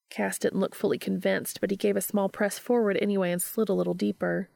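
A woman narrating a story in a steady, even-paced reading. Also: mid-range voice, fairly quick, gravelly, few pauses, no room sound, studio quality. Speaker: audiobook reader.

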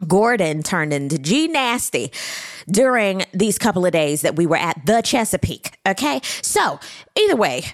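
A woman in her thirties hosting a casual recap vlog, sassy and full of 'honey' and 'baby'. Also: mid-range voice. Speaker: host.

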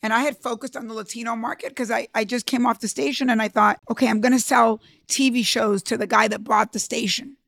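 A woman's voice: a little high, fairly even intonation, brisk, vocal fry, hardly any pauses, fairly bright tone, dry recording, clean studio sound. A middle-aged woman hosting a podcast, telling her own business story in an earnest, emphatic way. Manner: earnest, emphatic, repeats herself when moved. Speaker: podcast host. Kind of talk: personal storytelling.

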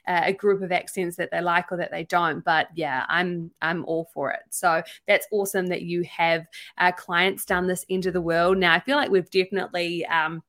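A woman's voice: fairly low pitch, little pitch movement, moderate pace, hardly any pauses, a bit bright. A young woman with a New Zealand accent hosting a podcast, talking in an enthusiastic, effusive way. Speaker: podcast host. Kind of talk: casual podcast interview.

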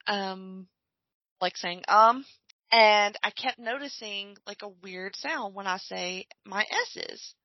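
A woman co-hosting a podcast, musing in casual chat while watching a film, often trailing off softly. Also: medium pitch, slow pace, dry recording, dull audio. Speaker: podcast co-host. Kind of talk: casual chat during a movie watch-along.

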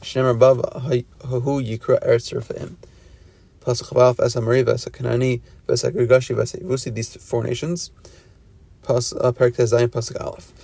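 A man with a gravelly, creaky voice leads a verse-by-verse Torah class. He reads each Hebrew phrase aloud, then explains it in plain English, often stopping and restarting mid-sentence. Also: medium pitch, level tone, normal speed, warm tone, no room sound. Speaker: Torah teacher.

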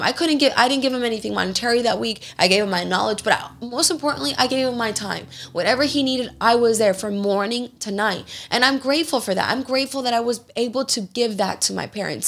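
A woman's voice: a little high, fast, vocal fry. A young adult woman hosting a podcast, speaking casually and animatedly, acting out the people in her stories and swearing freely. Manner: animated storytelling, acts out quoted people. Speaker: podcast host.

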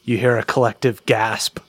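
A game master narrating a tabletop role-playing game in a lively, rambling way. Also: medium pitch, no echo.

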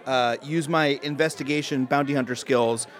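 A man's voice: mid-range voice, steady tone, normal speed. A man playing a tabletop game, hesitant and rambling as he describes actions. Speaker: player.

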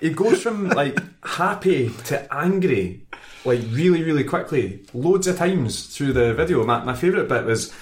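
A Scottish man co-hosting a casual podcast, bantering in an animated, quick way. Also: on the high side. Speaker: podcast co-host. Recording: roomy echo.

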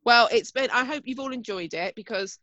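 A woman's voice: on the high side, fairly quick, pushed and bright, dry recording. A woman, co-hosting a casual chat and telling stories in a chatty, self-mocking way, with the odd casual swear. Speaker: podcast co-host.

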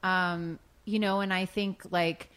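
A woman in her thirties chats casually as a co-host, her low voice rising and falling as she acts out stories. She talks in a warm, relaxed, conversational way. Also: slow pace, clean tone. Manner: animated storytelling, acts out quotes. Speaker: podcast co-host.

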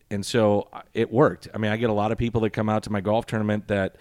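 A man's voice: lowish voice, little pitch movement, fast talker, hardly any pauses, darkish tone, no room sound. A middle-aged man, a sports broadcaster answering interview questions in a dry, sarcastic, rambling way.

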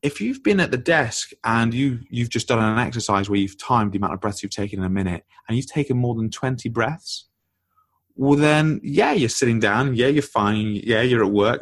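A man as a podcast guest and author, explaining ideas in an animated, teaching tone. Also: medium pitch, normal speed, no echo. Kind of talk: explanatory conversational talk.

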